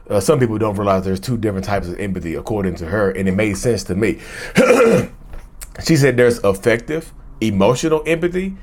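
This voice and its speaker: Low-voiced man in a chatty vlog. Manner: chatty, loose, repeats and restarts phrases, addresses listeners as y'all. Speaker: mental health vlogger and host. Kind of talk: casual direct-to-camera monologue.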